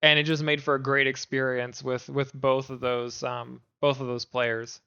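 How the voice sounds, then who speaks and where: A man's voice: medium pitch, flat delivery, moderate pace, bright, forceful tone, clear, resonant tone, highs cut off. A man co-hosting a gaming podcast, chatting casually with lots of fillers and restarts. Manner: rambling, many fillers and restarts. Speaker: podcast co-host. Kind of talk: casual chat.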